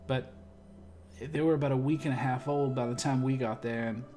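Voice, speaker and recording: A man's voice: medium pitch, fairly even intonation, normal speed, dark tone. A man playing in a tabletop role-playing game, recapping plainly with some restarts. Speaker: player. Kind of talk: in-character tabletop play.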